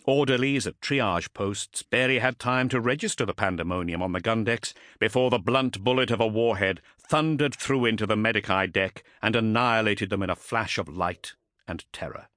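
A man's voice: fairly low pitch, normal speed, a bit bright, no room sound, studio quality. A man reading an audiobook in dramatic, vivid scripted narration.

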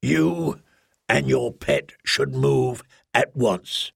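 A man voicing a stern, menacing male commander who booms his threats and speaks with contempt. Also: sing-song, drawn-out words, creaky, breathy edge, no echo, clean studio sound, heavily acted.

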